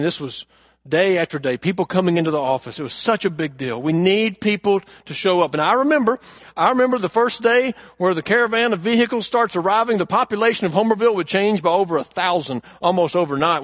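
A man preaching a sermon, telling a story earnestly and asking the congregation questions, moving from loud emphasis to hushed lines. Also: high voice, no room sound, studio quality. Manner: addresses the congregation directly with questions. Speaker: pastor.

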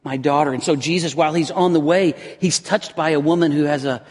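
A pastor delivers his sermon in a high, slightly husky voice. He preaches earnestly, often restarting phrases as he builds toward intense emphasis. The sound carries the long reverb of a church hall. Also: fairly quick.

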